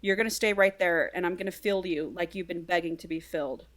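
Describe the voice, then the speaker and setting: A woman voicing a brooding young male priest, speaking low, hushed and stern. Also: quick pace, natural voice. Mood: commanding.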